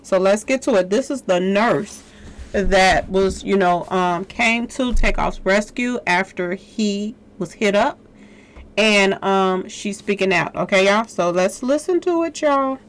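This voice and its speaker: A woman's voice: medium pitch, slow. Chatty woman vlog host. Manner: chatty, says y'all a lot. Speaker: channel host. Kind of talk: casual commentary vlog.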